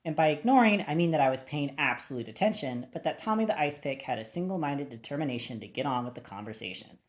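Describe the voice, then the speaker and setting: Low-voiced woman narrating an audiobook. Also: animated, fast. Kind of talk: first-person audiobook narration.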